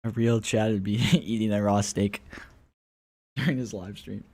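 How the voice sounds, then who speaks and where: A man's voice: lowish voice, steady tone, unhurried, a little mellow. A man running a casual livestream, answering viewers' questions and talking straight to them. He often calls them guys, and at times he slips into a mocking rant with scoffing laughs. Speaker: crypto livestreamer.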